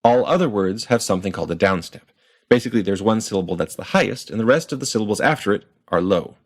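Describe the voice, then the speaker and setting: A man explaining pronunciation in a clear, methodical lesson and sounding out example words. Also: fairly low pitch, expressive, fast talker. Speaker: language teacher.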